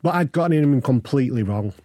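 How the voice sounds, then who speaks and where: A man's voice: mid-range voice, quick pace, no room sound. Guy telling his story on a podcast, acts out the voices, really dry mic. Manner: candid, animated storyteller acting out quoted voices. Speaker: guest.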